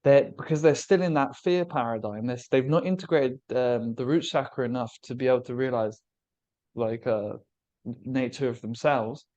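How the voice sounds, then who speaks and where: A man talking through big spiritual ideas on a podcast, in a mid-pitched voice. He muses aloud in a loose, philosophical way and breaks into easy laughter. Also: normal speed, a little mellow, dull audio. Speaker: podcast co-host. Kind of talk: casual spiritual podcast discussion.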